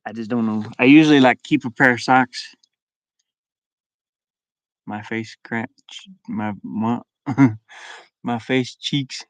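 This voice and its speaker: A man's voice: medium pitch, slow, pauses often, no room sound. A young man chatting casually to his live-stream viewers from inside his van, rambling, laughing often and restarting his words.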